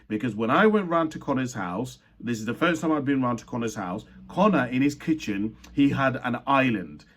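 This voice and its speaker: A man's voice: mid-range voice, lively intonation, moderate pace, fairly bright tone. A young man from Uganda telling a personal childhood story in a reflective way, with frequent repeats and fillers.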